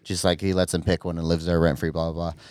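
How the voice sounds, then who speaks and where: A man co-hosting a casual podcast chat, excitable and swearing a lot, his voice jumping up when he gets worked up. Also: low voice, quick pace, smooth, dry recording, clean studio sound. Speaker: podcast co-host.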